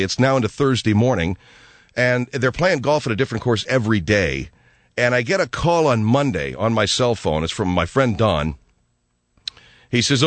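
A man's voice: medium pitch, no room sound. A man hosting a comedy radio talk show, grumpy and sarcastic, rambling through stories.

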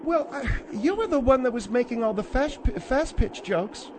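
A man's voice: very high-pitched, lively intonation, normal speed, noisy background, pitched above the performer's own voice. A man voicing a fussy, easily offended wife who calls in to the show. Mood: prim. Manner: prim, indignant, takes offense. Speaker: caller.

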